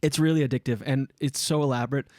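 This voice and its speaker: A man's voice: mid-range voice, steady tone, fast talker, a little mellow, no echo. A man hosting a casual podcast, telling stories animatedly and swearing freely on a studio mic. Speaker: podcast host.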